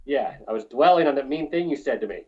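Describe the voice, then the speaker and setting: A man's voice: medium pitch, lively intonation, fast, darkish tone, lo-fi sound. Profane, rambling male film crew storyteller. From New Mexico. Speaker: film crew lighting technician, guest. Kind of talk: casual storytelling interview.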